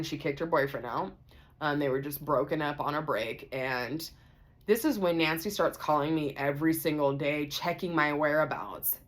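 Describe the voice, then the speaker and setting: A woman telling a personal story to her viewers in a chatty vlog, full of asides. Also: low voice. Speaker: vlogger. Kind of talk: storytime vlog, casual chat.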